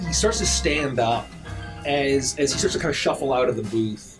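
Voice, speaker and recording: A man narrating as game master in a tabletop game, describing the scene loosely with lots of pauses and restarts. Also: mid-range voice, expressive, over music. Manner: loose, with many fillers and restarts while describing.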